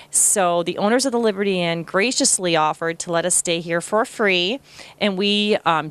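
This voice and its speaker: A woman telling an audience about her ghost-hunting encounter, in a chatty, animated way with many ums. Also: lowish voice, smooth. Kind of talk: storytelling to an audience. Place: bed and breakfast inn.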